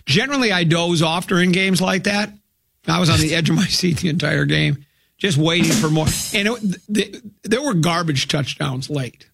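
A man's voice: fairly high pitch, normal speed, creaky, a bit bright, a little hiss or hum. A man hosting sports talk radio, rambling and joking casually about games.

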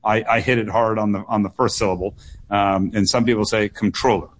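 A man's voice: on the low side, fairly even intonation, a little fast. A young adult man from the United States, a political candidate answering questions on a call-in radio show, earnest and often restarting his phrases. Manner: earnest, with frequent restarts and repeated words.

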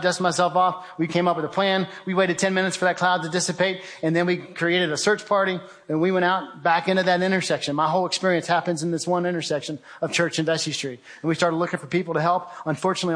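A man's voice: high voice, steady tone, fast, hardly any pauses, a bit bright. A man giving a vivid, urgent testimony talk, telling a survival story with remarks of faith. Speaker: guest speaker.

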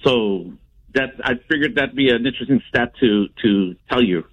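A man calling in to a sports radio show, speaking haltingly with many fillers. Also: medium pitch, lo-fi sound. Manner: hesitant, halting. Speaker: caller. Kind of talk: casual call-in.

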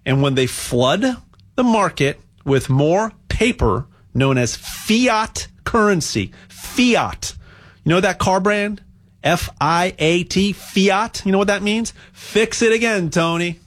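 A man's voice: high voice, expressive, slow, a bit bright. A man giving a casual, rambling sales monologue on gold, repeating words and ranting with rising energy. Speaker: gold promoter.

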